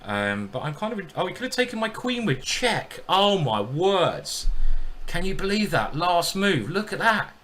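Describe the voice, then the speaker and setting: Man, animated self-mocking stream commentary, bright voice, lively swings. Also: high voice, moderate pace, few pauses, slight background noise. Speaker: chess streamer. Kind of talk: live commentary while playing blitz.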